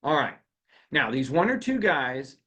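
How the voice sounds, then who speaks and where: Lively man leading a seminar. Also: a little high, unhurried. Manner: animated, quizzes the audience with questions. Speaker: workplace law and HR seminar speaker. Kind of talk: live seminar talk to an audience.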